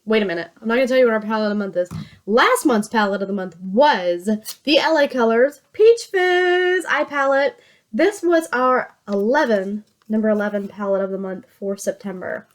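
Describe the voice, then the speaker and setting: A woman with a Virginia drawl chats casually through a get-ready-with-me makeup routine. Her voice sits a little high, and she talks in a chatty, self-mocking way with frequent laughs. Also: animated, moderate pace. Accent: Southern US, Virginia drawl. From Virginia, USA. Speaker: beauty vlogger.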